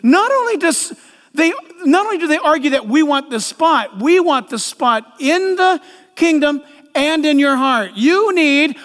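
A man preaching a sermon as a pastor, animated and acting out voices in the quotes. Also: very high-pitched, a little slow, long reverb tail.

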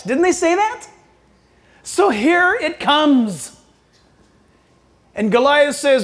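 A man preaching a sermon, swinging between loud, quick bursts and hushed, low asides. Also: big pitch swings. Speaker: pastor.

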